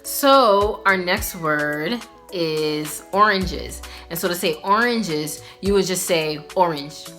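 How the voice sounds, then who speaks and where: A woman's voice: fairly low pitch, takes it slowly, a bit bright, soft background music. A young woman hosting a casual video language lesson, chatty and upbeat, with lots of filler words. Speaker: language teacher vlogger.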